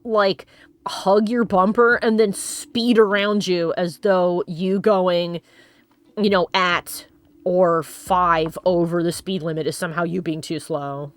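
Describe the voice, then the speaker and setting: A woman doing casual let's play commentary, chatty and animated, laughing often and swearing now and then. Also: medium pitch, no echo.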